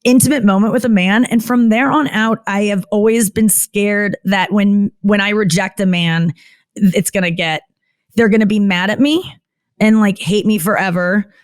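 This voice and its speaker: Steady in tone and moderate in pace, this female comedian rambles as a guest in a frank podcast interview. "Like" keeps cutting her off mid-thought so she restarts, and she goes up in pitch to act out others' words. There's no echo.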